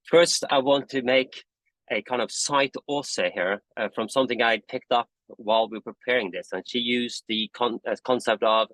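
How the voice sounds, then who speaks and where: A man's voice: mid-range voice, steady tone, a bit bright, no echo, poor audio. Chatty man presenting on a video call. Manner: conversational, self-correcting, admits talking fast from coffee. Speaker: presenter, standards committee convener. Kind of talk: online webinar presentation.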